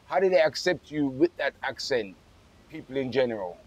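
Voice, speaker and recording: A man interviewing a guest, asking questions in a halting way with frequent restarts. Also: medium pitch, lively intonation, rough recording.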